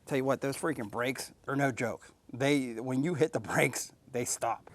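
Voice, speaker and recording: A man's voice: medium pitch, a little slow, a little hiss or hum. A man casually reviewing and demonstrating a riding mower outdoors, chatty and enthusiastic, explaining each step. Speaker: tool reviewer. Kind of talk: casual product demo vlog. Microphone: camera mic, at times an action camera on the mower.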